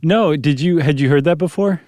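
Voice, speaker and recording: A man co-hosts a podcast in loose, casual conversation, cracking jokes and laughing often. His voice sits fairly high for a man. The sound is dry and close, with no room echo. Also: moderate pace, darkish tone. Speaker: podcast co-host. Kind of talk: casual chat.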